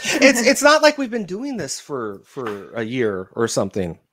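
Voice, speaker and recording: A man's voice: medium pitch, wildly swooping pitch, a little slow, bright, forceful tone. A man co-hosting a live stream on a video call, playful and a bit flustered. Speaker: co-host. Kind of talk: casual live-stream chat.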